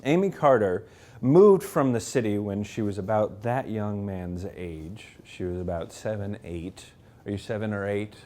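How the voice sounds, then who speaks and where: A man, an author, telling lively self-mocking stories to an audience at a library talk, acting out the people he quotes. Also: lowish voice, unhurried. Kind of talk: anecdotal storytelling to a live audience. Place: public library event room.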